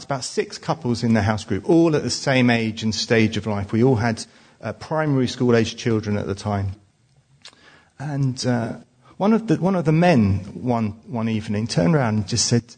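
Husky-voiced man in his forties preaching. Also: medium pitch, a little mellow. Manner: conversational, frequent restarts and "uh" fillers. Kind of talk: sermon with personal stories.

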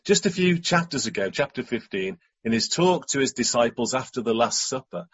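Husky, lively-voiced male preacher. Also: medium pitch, brisk, dull audio. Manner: reflective, asks rhetorical questions. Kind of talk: sermon.

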